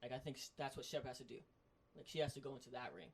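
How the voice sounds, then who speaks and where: A man co-hosting a casual podcast, talking in an excitable, animated way as a sports fan. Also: mid-range voice, very fast, slightly rough. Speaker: podcast co-host. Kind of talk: casual chat.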